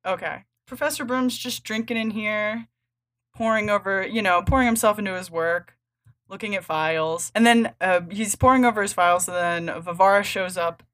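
A woman's voice: mid-range voice, normal speed, a bit bright. A woman co-hosting a casual podcast about comics, rambling with lots of "like" and laughing often. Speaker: podcast co-host.

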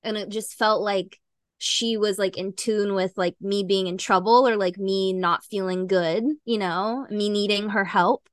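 A woman's voice: medium pitch, fairly even intonation, a little slow, no room sound. A young woman podcast host telling a personal story in casual chat, rambling with lots of fillers and little laughs.

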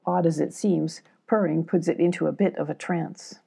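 A woman reading the part of Molly, a kind female companion in a storybook, gentle and reassuring. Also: sits low, steady tone, normal speed, creaky, husky, exaggerated voice. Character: helpful, kindly female companion.

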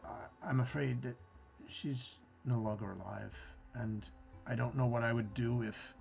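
A man voicing a haunted male warrior, talking in an earnest, halting way. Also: medium pitch, steady tone, gravelly, a little mellow, lo-fi sound, faint music behind. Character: Ruthos, a haunted male warrior hunting his brother.

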